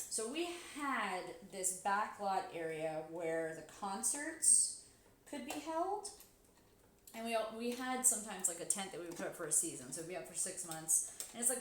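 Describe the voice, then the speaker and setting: Chatty swearing woman in an echoey room. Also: slight background noise. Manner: chatty, swears a lot, bursts into loud high exclamations. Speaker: streamer sewing costumes. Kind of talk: casual storytelling while sewing on a live stream.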